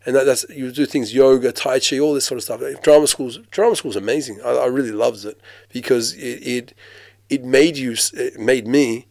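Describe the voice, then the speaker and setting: A man raised in Australia talks about his acting career in a relaxed, conversational way. He gets animated and breaks into quick impressions, and he often restarts his sentences. His voice is mid-pitched and sounds close and dry. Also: dry recording. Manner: animated storyteller, mimics voices, frequent restarts. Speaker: actor, guest. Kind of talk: casual interview.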